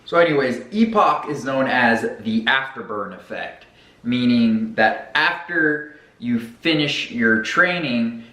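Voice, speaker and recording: A man explains workout science as a comedic fitness host, cracking crude jokes in an animated way. His mid-pitched voice echoes around a roomy space. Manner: jokey, profane and animated. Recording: echoey room.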